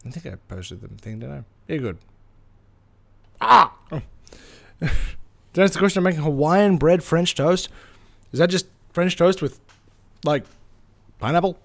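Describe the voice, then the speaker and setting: A man's voice: on the high side, animated, moderate pace, gravelly, long pauses, darkish tone. A man streaming a game live, chatting playfully with viewers in a rambling, sing-songy way. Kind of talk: casual live-stream chat.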